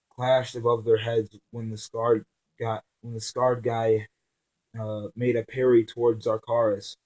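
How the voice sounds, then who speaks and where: A man's voice: medium pitch, little pitch movement, darkish tone, low-quality recording. A man reading his own novel aloud, stumbling and restarting lines often. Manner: halting reading with frequent restarts and fillers.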